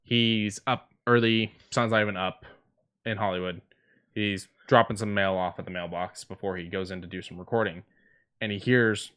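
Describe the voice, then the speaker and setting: A man's voice: fairly low pitch, brisk, a bit bright. A man co-hosting a podcast, telling stories and running down news in casual chat with fillers. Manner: storytelling, news rundown with fillers. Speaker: podcast co-host.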